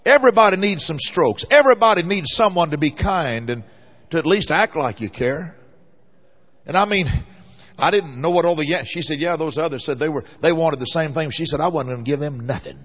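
A man's voice: fairly high pitch, fairly bright tone. A man preaching a sermon, telling a folksy story that rises into fervent exhortation. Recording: muffled lo-fi recording.

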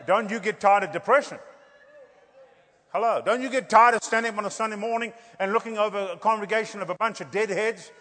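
Man, middle-aged, high-pitched revival preacher; loud swells, quiet asides; long church-hall reverb. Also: quick pace. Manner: lively, swings between loud declarations and quiet asides, jokey. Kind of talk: revival sermon.

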